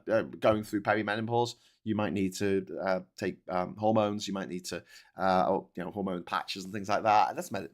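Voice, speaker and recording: A man hosting a casual livestream, reading viewer comments and ranting with lots of swearing and restarts. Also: on the low side.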